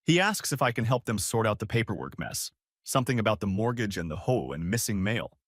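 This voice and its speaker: A man's voice: on the low side, big pitch swings, fairly quick, no room sound, studio quality. A young man narrating a first-person story in a blunt, defiant way.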